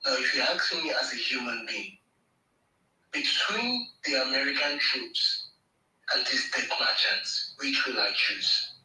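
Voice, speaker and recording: A man's voice: medium pitch, lively intonation, a little slow, pushed and bright, roomy sound, distant mic, rough recording. A Nigerian man giving an impassioned, emphatic political speech on a live audio space, hammering points home with repetition. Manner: emphatic, repeats phrases for effect.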